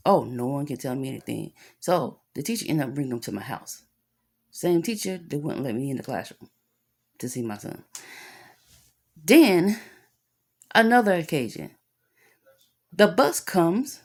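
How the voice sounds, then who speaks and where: A woman's voice: low-pitched, sing-song, a little slow, long pauses. A woman, telling a story about her son in an angry rant full of profanity. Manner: angry, profane, talks with lots of cussing.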